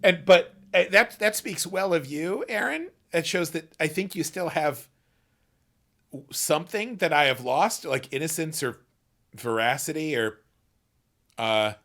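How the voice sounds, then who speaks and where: A man hosting a casual livestream chat into a desk microphone, rambling and halting with lots of fillers and restarts. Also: on the high side, expressive, a bit bright, faint music behind. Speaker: livestream host.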